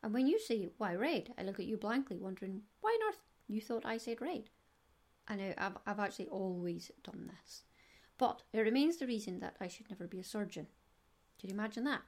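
A woman's voice: mid-range voice, very animated, fairly quick, darkish tone. A middle-aged Scottish woman hosting a knitting podcast, chatty and digressive with giggles. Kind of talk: casual solo podcast chat.

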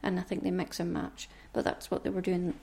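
A woman's voice: on the low side, little pitch movement, brisk, creaky, warm tone, slightly rough. A woman hosting a podcast, chatting casually and self-mockingly to her listeners. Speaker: podcast host.

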